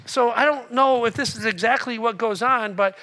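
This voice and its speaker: A man preaching a sermon as pastor, telling a story with lively acted-out voices and questions to the congregation. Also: very high-pitched, normal speed. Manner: animated storytelling, acts out voices, asks the room questions.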